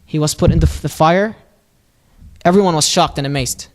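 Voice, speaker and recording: Man, fairly high voice, animated religious storyteller, casual fillers, quoted voices acted out. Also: moderate pace. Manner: lively, animated retelling with quoted voices and Arabic phrases. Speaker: storyteller at a mosque.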